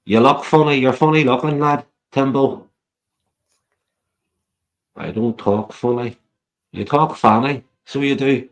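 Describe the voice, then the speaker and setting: A man's voice: mid-range voice, a little slow, pauses often. A man chatting on a live stream, teasing others crudely and swearing constantly. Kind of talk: casual chat.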